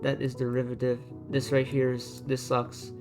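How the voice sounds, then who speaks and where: Music runs in the background as a man talks at normal speed in a medium-pitched, completely flat voice. He's a YouTuber casually ranking designs on a screen recording, speaking bluntly, repeating himself, and thinking aloud as he drags items, all kept quiet so he doesn't overload his desk microphone.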